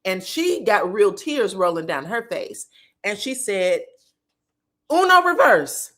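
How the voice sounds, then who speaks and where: A woman hosting a live reaction stream, recapping reality TV drama in an animated, emphatic way and laughing often. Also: medium pitch, a little slow. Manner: acts out cast members' lines in quoted voices. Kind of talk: live gossip reaction chat.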